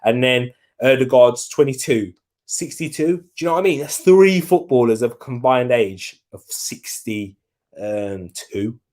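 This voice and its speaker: A man's voice: medium pitch, lively intonation, a little slow, a little mellow. A young man hosting a live football watch-along, chatting casually, reacting to the match and answering viewer comments.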